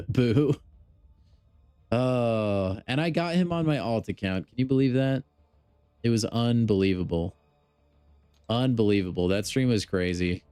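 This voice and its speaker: A man hosts a live gaming stream, chatting and joking with his viewers in a low, smooth, resonant voice. The sound is dry and close, with faint music underneath. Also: a little mellow, no echo. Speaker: game streamer.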